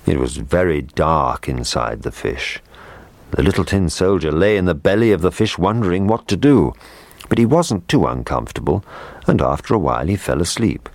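Male storybook narrator, very deep, expressive swings. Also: moderate pace, no echo. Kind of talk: storybook reading.

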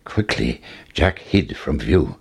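Slow, husky male storyteller. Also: extremely low pitch. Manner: expressive measured storytelling. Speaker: narrator. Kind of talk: storybook reading.

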